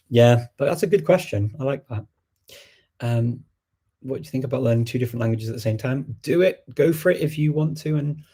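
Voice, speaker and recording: Husky guy answering viewer questions, thinks out loud, chatty. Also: mid-range voice. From England. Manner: rambling, thinking aloud with many fillers. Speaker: host. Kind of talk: livestream Q&A chat.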